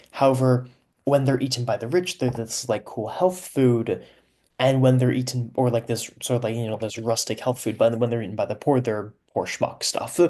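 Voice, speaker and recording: A man's voice: mid-range voice, mellow. Amused man chatting through commentary. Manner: chatty and amused, laughs often, aside-heavy explaining. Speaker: author giving commentary on his own serialized story. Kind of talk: casual commentary.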